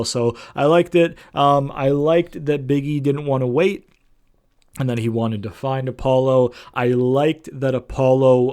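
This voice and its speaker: A man's voice: mid-range voice, darkish tone, clean tone. A young man giving a casual, rambling recap of a wrestling show, full of fillers and casual swearing.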